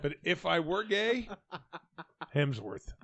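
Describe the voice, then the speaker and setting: A man's voice: fairly high pitch, very animated, slow, gravelly, a bit bright, dry recording. An older man, a podcast host, telling blunt, rambling stories in a casual chat.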